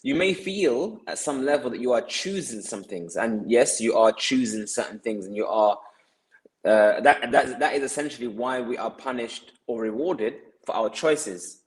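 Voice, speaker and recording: Earnest man explaining, mid pitch. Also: normal speed, low-quality recording. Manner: earnest, explaining, many restarts and repeated words. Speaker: podcast guest. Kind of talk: explanatory podcast talk.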